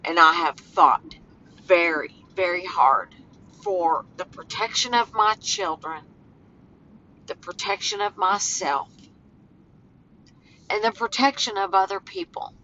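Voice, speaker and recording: Slow, halting woman vlogging outdoors. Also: medium pitch, animated, pushed and bright. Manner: slow, halting, emotional rants. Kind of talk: casual vlog talk. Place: walking outdoors near home. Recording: dull phone audio with faint outdoor noise.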